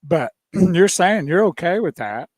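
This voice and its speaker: A man's voice: high-pitched, expressive, a little slow, a little mellow, breathy edge, no room sound, studio quality. A man co-hosting a radio talk show and asking short follow-up questions.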